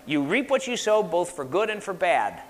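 Male pastor, emphatic call-and-response sermon, high lively voice, reverberant sanctuary. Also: moderate pace. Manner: emphatic, leads congregation in call-and-response repetition. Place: church sanctuary. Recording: long hall reverb.

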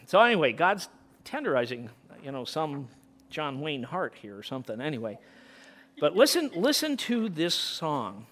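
Middle-aged man preaching with passion, loud peaks down to near-whispers, fairly high pitch. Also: very animated, moderate pace. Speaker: pastor. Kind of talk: sermon.

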